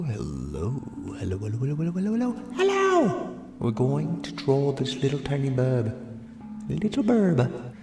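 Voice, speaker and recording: A man's voice: medium pitch, darkish tone. A man leading a casual draw-along lesson, talking as he draws, playful and rambling with self-mocking asides. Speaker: drawing instructor.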